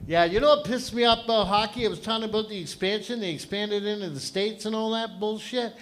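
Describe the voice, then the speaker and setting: A man's voice: high-pitched, a little fast, fairly bright tone. A man in his fifties from Canada hosting an open mic, ranting through a profane stand-up set on a comedy club stage. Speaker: stand-up host.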